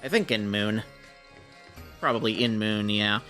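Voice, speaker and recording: A young man from Minnesota talks casually over his game, his voice slightly hoarse. He reads the game's lines aloud in playful put-on voices. Faint music plays underneath. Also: on the low side, a little slow, long pauses, bright, forceful tone. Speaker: let's-play host. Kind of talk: casual gameplay commentary.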